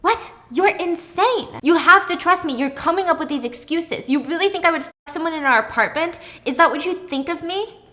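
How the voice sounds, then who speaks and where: A woman's voice: very high-pitched, lively intonation, a little fast, pushed and bright, pitched above the performer's own voice, heavily acted. A woman voicing a manipulative husband who gaslights his wife in a cold, condescending tone.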